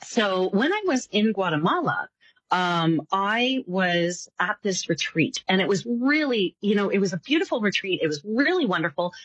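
A woman tells her story with lots of movement in her pitch, slipping into the voices of the people she quotes. Her voice has a slightly husky grain. The recording is dry and close. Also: moderate pace, dry recording, low-quality recording. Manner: animated, acts out voices in her stories. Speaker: psychic guest. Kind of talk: casual storytelling interview.

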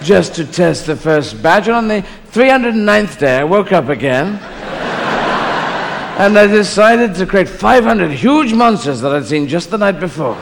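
A man as a lazy stoned God, gravelly, reverberant hall, background noise. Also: high-pitched, big pitch swings, a little slow, full character voice. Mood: boastful. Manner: laughing through his own lines. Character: lazy stoned old male God, rambling. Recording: live stage recording in a hall with room noise.

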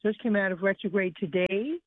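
A woman's voice: medium pitch, fairly quick, no echo. A woman calling in to a radio show, speaking steadily with an informative tone and the occasional filler. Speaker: caller. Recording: tinny phone line.

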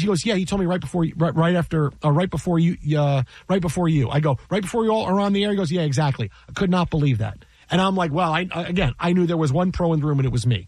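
Animated higher-voiced man telling a story. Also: no room sound. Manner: exasperated, repeats himself, acts out quotes. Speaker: sports broadcaster telling a story.

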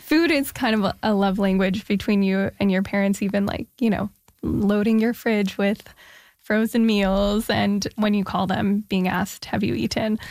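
A woman's voice: medium pitch, fairly even intonation, normal speed, a little mellow, dry recording. Woman host asking thoughtful questions. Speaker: interviewer, host. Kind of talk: casual interview conversation.

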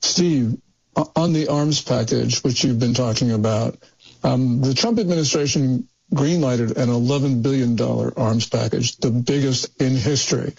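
A man co-hosting a talk radio discussion, asking measured, pointed questions. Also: mid-range voice, creaky, a little mellow, breathy edge. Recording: dull lo-fi broadcast audio.

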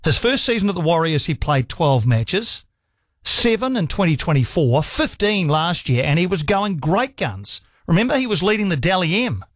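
A man's voice: fairly high pitch, very animated, moderate pace, no room sound, clean studio sound. A man hosting a sports radio call-in show, enthusiastic, laughing often and reeling off stats. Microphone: studio microphone.

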